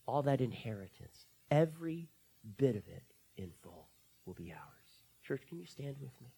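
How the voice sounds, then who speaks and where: Husky pastor swinging from whispers to bursts. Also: male voice, medium pitch, normal speed. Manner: swings between soft near-whispers and loud excited bursts. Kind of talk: sermon. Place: church sanctuary.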